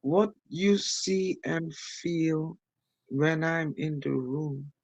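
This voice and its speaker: A man voicing a solemn character named Helga with a put-on accent, speaking in slow pronouncements. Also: a little high, gravelly, no echo, pitched above the performer's own voice, heavily acted.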